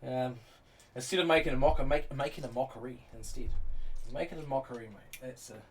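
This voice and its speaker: A man's voice: mid-range voice, fairly quick. A man streaming live, chatting casually with his viewers while he builds, swearing freely and calling people bro and mate. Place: indoors at home during rain. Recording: distant mic with faint background noise.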